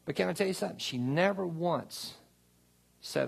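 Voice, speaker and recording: Man, pastor, sermon, gravelly husky voice, animated pitch, church sanctuary, asks congregation for amens. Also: moderate pace. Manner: conversational preaching with call-and-response asides.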